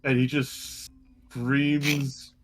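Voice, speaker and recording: A man narrating as game master of a live-streamed tabletop game, relaxed and chatty with many pauses. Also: medium pitch, faint music behind.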